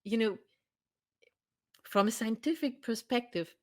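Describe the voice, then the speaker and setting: Woman academic guest, stops and hunts for words a lot, normal pitch. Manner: halting, searching for words. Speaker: guest scholar. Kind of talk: academic conversation.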